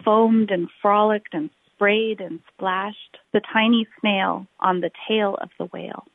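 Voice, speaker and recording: Woman reading a rhyming picture book, slow and rhythmic, dry tinny sound. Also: medium pitch, creaky, no echo. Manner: expressive, rhythmic read-aloud with drawn-out phrases. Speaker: storyteller. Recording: tinny phone-like recording.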